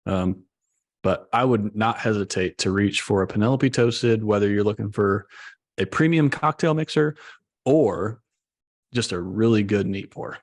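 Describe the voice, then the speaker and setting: A man's voice: on the low side, a little slow. A man co-hosting a casual bourbon review, rambling and thinking aloud. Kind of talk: casual chat.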